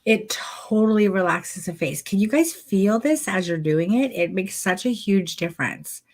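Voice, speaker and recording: A woman's voice: medium pitch, lively intonation, moderate pace, a little mellow. A woman teaching an online photography masterclass, coaching her viewers directly and demonstrating as she explains. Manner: encouraging, addresses viewers directly. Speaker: photography posing instructor.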